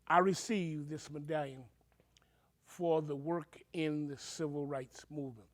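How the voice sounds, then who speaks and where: A man's voice: fairly high pitch, fairly even intonation, unhurried. An older man, a reverend telling his own story with emotion and acting out the voices of people he quotes. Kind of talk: personal storytelling.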